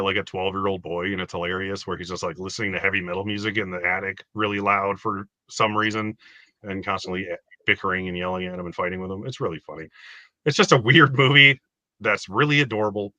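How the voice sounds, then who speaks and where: A lower-pitched man with a bright, forceful voice gives a rambling, filler-heavy movie review over a video call. The sound is dry and close. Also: steady tone, a little fast, no echo. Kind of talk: casual movie review chat.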